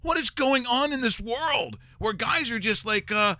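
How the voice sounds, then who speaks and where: A middle-aged man hosting a live-streamed talk show, riffing in animated comedic banter and slipping into mocking impressions, speaking into a studio microphone. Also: very high-pitched, measured pace, no echo. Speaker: radio show host.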